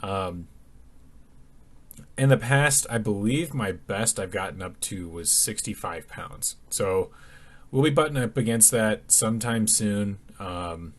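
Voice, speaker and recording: A young fitness vlogger talks casually over his workout footage, sleepy and yawning, rambling with lots of ums and restarts. His voice is lowish, expressive and slow.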